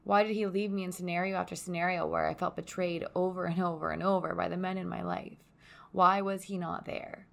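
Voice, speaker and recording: A young woman hosting a podcast from home, speaking softly in a reflective, confessional solo monologue. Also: on the low side, flat delivery, fairly quick, creaky. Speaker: podcast host. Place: at home by a window onto a yard.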